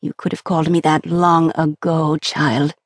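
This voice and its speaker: A warm, tearful mother embracing her son's bride-to-be, as a female narrator puts her on in an audiobook. She speaks slowly and with emphasis, a little higher than the narration. The sound is close and dry. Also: little pitch movement, dry recording. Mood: moved. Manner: slow, emphatic, tearful joy. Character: warm, emotional mother of the groom. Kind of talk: audiobook character voice.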